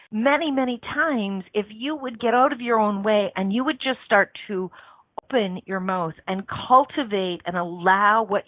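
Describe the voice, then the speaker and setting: A woman with a mid-range voice hosts a motivational radio show, speaking earnestly like a coach and repeating phrases for emphasis. The recording is dry with no echo and has a tinny, phone-line quality.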